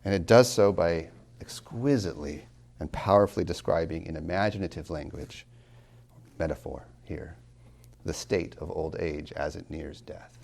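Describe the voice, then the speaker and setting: A deep-voiced man lecturing on poetry, with a gravelly, fry-laden edge. He swings from loud emphasis to hushed near-whispers, lingering on words he loves. He drops playful asides to his students. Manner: dramatic swings in loudness, drops to near whispers when savoring lines; slow, deliberate emphasis on key words. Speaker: college tutor giving a lecture.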